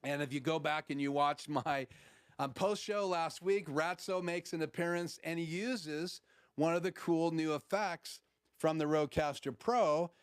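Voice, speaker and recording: A man's voice: on the high side, unhurried, clear, resonant tone. A man hosting a casual live stream, walking through his studio audio gear in an explanatory way with frequent fillers. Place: home studio.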